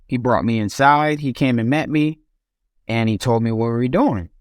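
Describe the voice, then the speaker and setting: A man's voice: medium pitch, normal speed, clear, resonant tone, no room sound, clean studio sound. A young man, a podcast guest, telling his own story in casual speech with frequent restarts and fillers.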